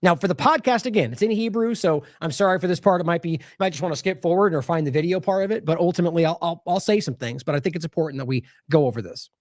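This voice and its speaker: A man's voice: a little high, very fast, hardly any pauses, dry recording, clean studio sound. A man hosting an independent news show, giving sarcastic, rambling commentary over video clips with frequent restarts.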